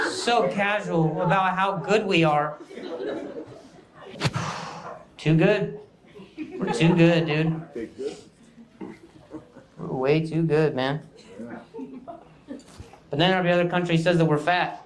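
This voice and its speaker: A man's voice: on the high side, fairly even intonation, slow, long pauses, crowd noise. A man doing a stand-up comedy set on stage with a handheld mic, talking in a sarcastic, mock-boastful way and riffing loosely. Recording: echoey venue with loud noise.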